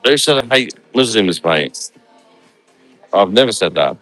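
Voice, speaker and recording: A man's voice: fairly low pitch, animated, unhurried, a bit bright, faint music behind. An English man vlogging casually from a holiday resort, talking bluntly and swearing freely. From England. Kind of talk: casual vlog chat.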